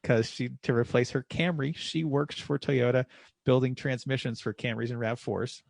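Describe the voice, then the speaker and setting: A man co-hosting a racing podcast, telling stories casually and getting animated when he quotes people. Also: mid-range voice, normal speed, gravelly, no echo, studio quality. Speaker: podcast co-host and driving instructor. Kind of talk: casual chat.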